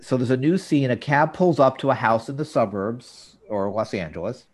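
A man's voice: medium pitch, moderate pace. A man co-hosting a podcast, chatting casually about a TV episode and getting exasperated over details. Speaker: podcast co-host.

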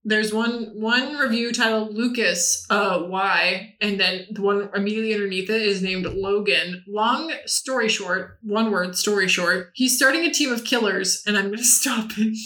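A woman's voice: medium pitch, moderate pace, hardly any pauses, bright, forceful tone, echoey room. A young woman co-hosting a podcast, chatting casually and reading reviews aloud with giggly mock drama. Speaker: podcast co-host. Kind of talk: casual chat.

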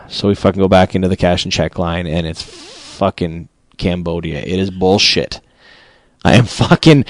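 Host, male, low voice, profane comic ranter who climbs to shouting, dry studio mic. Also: normal speed, dry recording. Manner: swears constantly, rising into shouted outrage. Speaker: podcast host. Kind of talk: profane comedic rant. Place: small studio booth.

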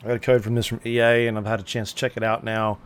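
A man co-hosting a podcast in casual chat, talking in a relaxed, hesitant way with many fillers. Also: lowish voice, rapid-fire, clear, resonant tone. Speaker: podcast co-host.

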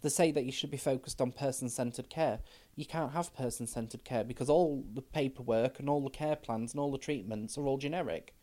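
Frank trans woman with a dark voice. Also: extremely low pitch, fairly quick, hardly any pauses. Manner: frank, storytelling with quoted dialogue. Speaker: podcast guest. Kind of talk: casual chat.

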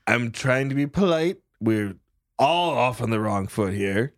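A man's voice: mid-range voice, expressive, measured pace, no echo, studio quality, close to an everyday voice. A man voicing an overly polite, stranded male medic with a cold who rambles and sniffles. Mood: rambling.

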